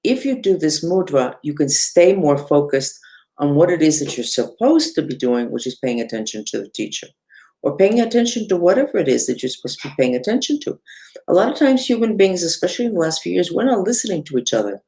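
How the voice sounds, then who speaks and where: With a warm, sing-song voice and a fairly quick pace, a female spiritual teacher chats through mantras and mudras online. She often makes fun of herself, and her pitch rises and falls widely.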